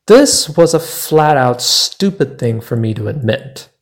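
A man hosting a podcast, narrating a personal travel story in a measured, deliberate way. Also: mid-range voice. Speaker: podcast host.

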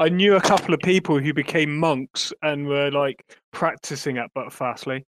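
A man's voice: on the high side, steady tone, moderate pace, noisy background. A man from Southwest England who speaks hesitantly and giggles in a casual chat.

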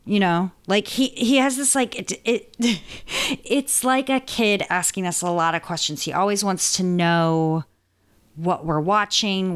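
A woman's voice: medium pitch, measured pace, clear, resonant tone. A woman talking casually as a podcast guest, chatty and self-deprecating, with rambling restarts. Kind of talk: casual interview chat.

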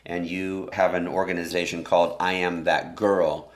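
Deep-voiced male interviewer. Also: level tone, normal speed. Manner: plain, direct questions. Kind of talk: interview questions.

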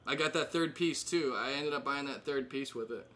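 A man's voice: mid-range voice, normal speed, a bit bright. A man in his thirties casually catching up with old friends, rambling with fillers and laughing often. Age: 30s. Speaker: host.

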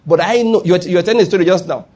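A man's voice: high voice, very fast, mellow. A man with a Nigerian accent preaching a sermon, emphatic and often asking whether listeners follow his point. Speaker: pastor.

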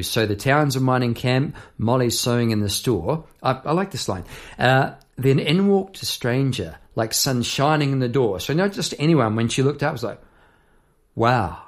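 A songwriter hosting an episode walks through his lyrics line by line in a loose, chatty, mid-range voice. He rambles into side stories and asides, constantly checking in with tag questions like "eh?" and "yeah?".

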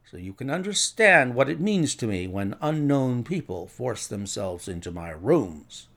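Male narrator doing a nervous, pleading heavyset man; jittery, lively pitch. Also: measured pace, gravelly, exaggerated voice. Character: fat, nervous, jumpy middle-aged man.

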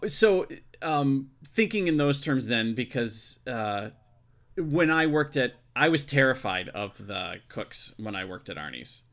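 A man co-hosting a casual podcast, talking in a hesitant way with many pauses and restarts. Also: mid-range voice, big pitch swings, fairly bright tone. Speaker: podcast co-host, former server. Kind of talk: casual chat.

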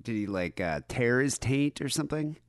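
A man's voice: medium pitch, lively intonation, moderate pace, no echo, studio quality. A man hosting a podcast in casual, crude, laid-back chat, often hesitating. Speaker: podcast host.

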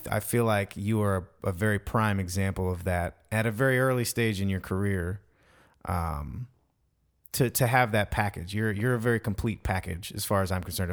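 Male podcast host, home studio, lower voice, enthusiastic and full of praise. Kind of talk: casual podcast conversation.

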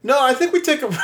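A man co-hosting a podcast in casual, joking banter, playful and quick to swear. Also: fairly high pitch, noisy background. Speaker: podcast co-host.

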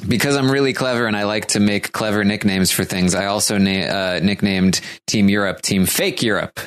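A man's voice: lowish voice, normal speed, smooth. A man hosting a podcast, chatting casually and joking at his own expense. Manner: self-mocking, joking, apologetic. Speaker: podcast host.

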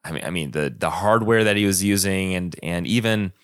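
A laid-back man on a music podcast who talks haltingly, with lots of fillers. His voice sits a little low, and the sound is dry and close. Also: a bit bright, clear, resonant tone, no room sound. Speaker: podcast co-host. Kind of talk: casual chat about music.

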